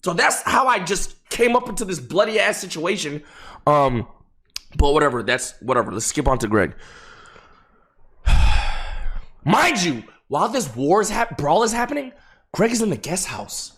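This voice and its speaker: A young man streaming, telling a rambling story to his chat with lots of swearing and halting restarts, dropping low and quiet then rising loud and high. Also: big pitch swings.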